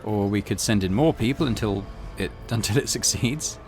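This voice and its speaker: A man's voice: on the low side, moderate pace, music in the background. Wry man narrating a game. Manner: wry, chatty asides. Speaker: let's play host. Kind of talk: reading a game aloud with asides.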